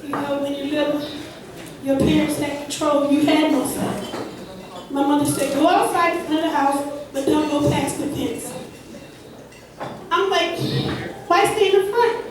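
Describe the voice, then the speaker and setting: A woman comic with a very high voice tells loose, rambling stand-up stories on a club stage. She is heard from a distance in a very echoey room, with a crowd laughing behind her. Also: steady tone, normal speed, pauses often. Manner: loose storytelling with laughs and spooky sound effects. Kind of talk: open mic stand-up storytelling. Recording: echoey club recording from far off. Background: audience laughter.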